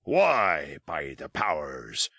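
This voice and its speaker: A man's voice: a bass voice, wildly swooping pitch, extremely slow, creaky, bright, forceful tone, husky, dry recording, voice pushed down, full character voice. A man voicing a hearty one-legged pirate cook, drawling in bluff sailor talk.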